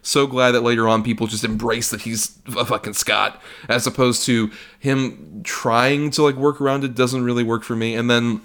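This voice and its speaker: Animated, swearing man reviewing films. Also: medium pitch, normal speed, few pauses. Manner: animated, profane, mocking impressions. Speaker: podcast co-host. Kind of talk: casual film review chat.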